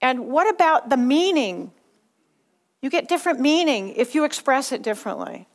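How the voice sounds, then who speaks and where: A woman teaching a speaking lesson, with a patient, instructive delivery and a slightly higher voice. She is middle-aged and from Southern California, and she walks her students through each step clearly. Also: sing-song, moderate pace. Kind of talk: classroom instruction.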